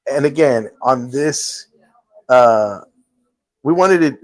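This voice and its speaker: A man's voice: medium pitch, expressive, takes it slowly, no echo, poor audio. Man hosting a live show, earnest storytelling, dead dry sound, lots of restarts. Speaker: host. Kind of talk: casual chat.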